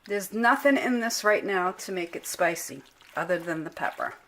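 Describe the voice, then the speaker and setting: A woman's voice: fairly low pitch, expressive, moderate pace, a bit bright. A middle-aged woman talking through a home cooking demonstration in a casual, unpolished way, often stopping to correct herself. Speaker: home cook vlogger. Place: home kitchen. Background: clinking pots, pans and cutlery.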